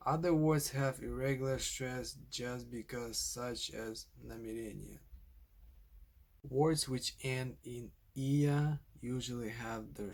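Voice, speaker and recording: A man narrating a scripted language lesson, speaking slowly and deliberately, carefully spelling out example words. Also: medium pitch, gravelly, husky. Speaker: language teacher.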